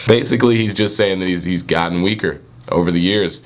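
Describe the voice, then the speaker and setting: A man with a raspy voice casually reviewing a manga chapter, rambling with many restarts. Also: low voice, a little fast, hardly any pauses.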